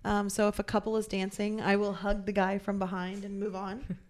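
A woman's voice: mid-range voice, flat delivery, brisk. A young woman in casual chat, blunt and swearing freely, acting out what she and others said.

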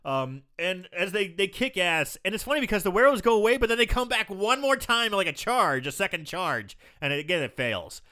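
A man hosting a casual film-chat podcast who retells scenes in an animated, profane way and often laughs. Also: high-pitched, a little fast, hardly any pauses. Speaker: podcast host.

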